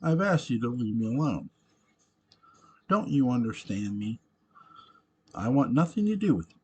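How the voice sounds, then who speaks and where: A man voices an angry, defensive young woman, rebuffing someone, pitching his mid-range voice above his natural one. The delivery has big pitch swings at normal speed, with a darkish, slightly rough tone.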